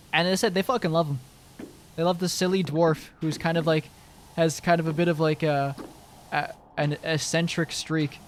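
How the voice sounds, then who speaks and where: Young guy streamer rambling on, lots of uhs and likes, swears a bunch, voice a bit high. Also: a little hiss or hum. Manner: rambling, full of fillers, restarts and swearing. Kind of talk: casual chat to stream viewers.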